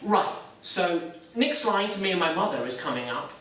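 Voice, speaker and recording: A man's voice: high voice, lively intonation, moderate pace, a bit bright, a little hiss or hum. A young man playing a nervous self-doubting churchgoer. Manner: hesitant, self-deprecating, wry. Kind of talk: stage drama monologue. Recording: echoey room, mic far off.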